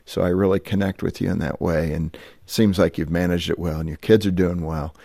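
Deep, gravelly radio host. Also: male voice, fairly even intonation, a little fast, warm tone, no room sound, studio quality. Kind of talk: radio interview.

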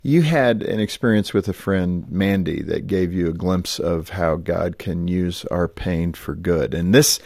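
A male radio host speaks in a very low voice with a gravelly texture. He affirms his guest warmly. The studio sound is dry and close. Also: measured pace, hardly any pauses, no room sound. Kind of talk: radio interview.

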